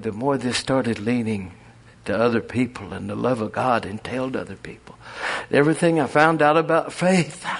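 A man preaching a folksy, animated sermon full of storytelling and chuckles. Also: mid-range voice, breathy edge.

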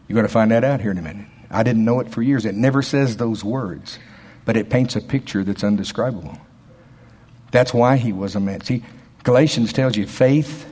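A man preaching a sermon in a folksy, emphatic way, dropping to quiet asides and rising to loud, shouted passages. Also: fairly low pitch, slightly rough. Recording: long hall reverb.

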